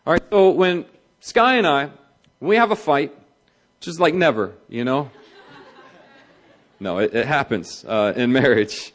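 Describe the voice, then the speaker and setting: A man's voice: mid-range voice, a little slow, long pauses, a faint crowd. A man preaching a sermon as a pastor, talking in a conversational way and acting out the voices he quotes. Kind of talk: sermon on marriage.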